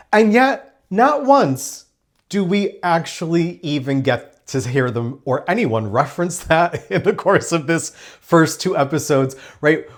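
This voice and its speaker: Guy doing a chatty tv review, enthusiastic, rambles a bit, mid-pitched voice. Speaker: TV review host. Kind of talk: casual spoiler review.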